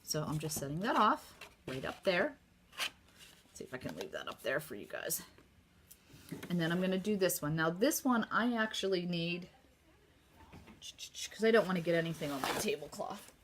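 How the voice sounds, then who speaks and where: A woman demonstrating card making in a casual craft tutorial, chatty and upbeat, talking straight to her viewers while her sore throat makes her voice a little rough. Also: fairly low pitch, very animated, normal speed, pauses often, background noise. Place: home craft table.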